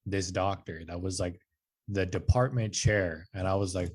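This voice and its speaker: A husky, low-voiced man in his twenties speaks at a normal speed as a podcast guest, casually telling a personal story. He's animated, raising his voice to act out quoted lines, and he says "like" and "dude" often.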